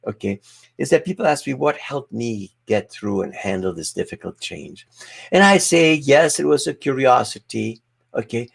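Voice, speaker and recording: A man's voice: mid-range voice, gravelly, breathy edge. A man giving a motivational keynote over a video call, emphatic and humorous, speaking straight to his audience.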